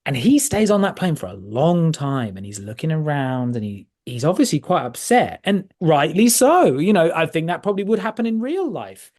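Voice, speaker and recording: A man's voice: fairly high pitch, a little mellow. A man co-hosting a podcast, chatting casually about a film in a rambling way, with restarts and frequent laughs. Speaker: podcast co-host. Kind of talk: casual film-review chat.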